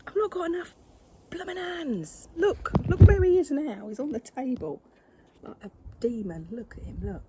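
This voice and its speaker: A woman's voice: high-pitched, expressive, moderate pace, noisy background. An older woman, chatting casually to camera at her craft table at home, scolding her cat in exasperation. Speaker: craft vlogger.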